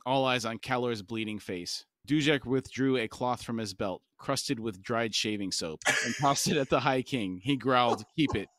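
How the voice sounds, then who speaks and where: A man's voice: mid-range voice, normal speed, few pauses, a bit bright, no echo, studio quality. A man co-hosting a book discussion podcast, reading passages aloud and chatting casually with laughs. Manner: reads text aloud, then chats casually with laughs. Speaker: podcast co-host.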